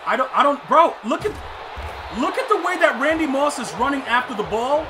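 A man's voice: very high-pitched, lively intonation, brisk, crowd noise, background noise. A young man streaming a football video game, rambling in casual commentary, laughing a lot and repeating catchphrases. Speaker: gaming streamer. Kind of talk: casual live gameplay commentary.

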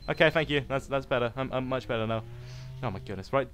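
A man giving silly, excitable commentary while playing a video game. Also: mid-range voice, fast talker, clean tone. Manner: silly, excitable, yelps and exclaims. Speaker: gaming video host. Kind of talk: let's play commentary.

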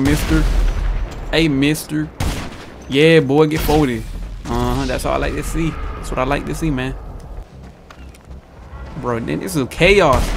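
A young man commentating his own gameplay and taunting opponents with the same lines again and again. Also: medium pitch. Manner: trash-talking, repetitive taunts to opponents. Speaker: gaming YouTuber. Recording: noisy with gunfire in the background. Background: game gunfire and explosions.

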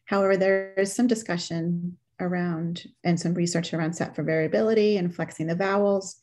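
A woman's voice: lowish voice, steady tone, a little fast, a little mellow. A woman taking part in a webinar, asking the presenter conversational questions. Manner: inquisitive, conversational.

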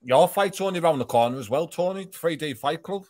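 A man's voice: a little high, lively intonation, a little fast, darkish tone, dry recording. A man from England, bantering in a casual chat and swearing freely.

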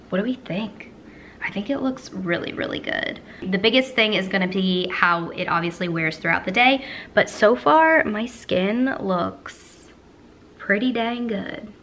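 A woman's voice: medium pitch, fairly bright tone. A woman beauty vlogger doing casual check-ins at home, chatty and upbeat, with lots of "like" fillers. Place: at home by large glass doors.

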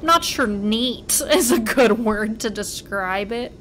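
A woman's voice: a little high, slow pace, hardly any pauses, a bit bright. A woman casually commenting on her own horror-game playthrough, swearing in jumpy outbursts and making wry asides. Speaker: gamer playing a horror game. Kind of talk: casual let's-play commentary.

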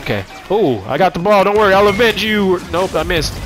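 A man's voice: high-pitched, lively intonation, fairly quick, music in the background. A young man chatting and laughing through a team video game with friends, teasing and giggly. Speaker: gamer. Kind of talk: casual gaming chat.

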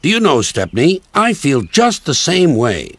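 A man's voice: fairly high pitch, huge pitch swings, unhurried, pitched above the performer's own voice. A man voicing a friendly male train driver with an enthusiastic manner.

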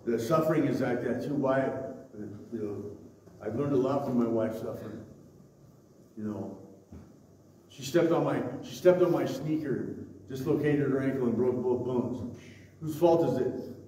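A man's voice: medium pitch, unhurried, pauses often, warm tone, slight background noise. A man preaching a sermon as pastor, emphatic and repetitive, often stopping to say "okay?" and "listen". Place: church sanctuary. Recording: echoey church hall, distant mic.

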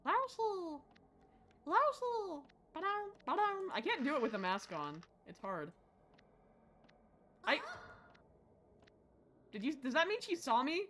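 A woman streaming a horror game live, excitable, shrieking and laughing at the game and chatting with viewers. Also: a little high, a little slow, long pauses, slight background noise.

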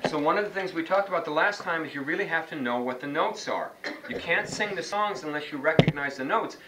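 A man with a fairly high voice, talking a little fast, teaches a classroom lesson on reading chant notes, quizzing students by name and singing short examples. He's picked up by a distant mic, with faint background noise.

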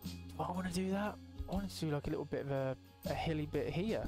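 A young man chats through a building game in a relaxed, rambling way, his fairly high voice leaping up whenever something pleases him. He swears casually and talks straight to his viewers. Soft background music plays quietly behind him. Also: fast talker. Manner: excitable, swears casually, bursts into high exclamations. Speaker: gaming youtuber. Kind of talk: casual gameplay commentary.

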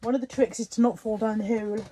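A woman's voice: on the high side, steady tone, fast talker, mellow, breathy edge. A middle-aged woman, chatting casually and mocking herself as she talks to the camera in a vlog. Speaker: vlogger.

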